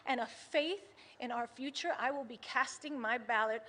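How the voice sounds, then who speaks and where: A woman from the United States giving an impassioned political rally speech at a large venue, shifting from soft and earnest to shouting to the crowd. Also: fairly high pitch, moderate pace. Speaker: rally speaker. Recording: loud crowd noise from a live rally. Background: cheering crowd.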